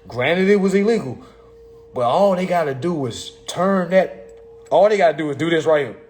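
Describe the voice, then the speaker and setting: A man, talking in a profane, excitable casual monologue, reading legal text aloud and mocking it. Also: fairly high pitch, normal speed. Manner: profane, excitable, laughs often, reads text aloud and mocks it. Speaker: commentator on consumer law.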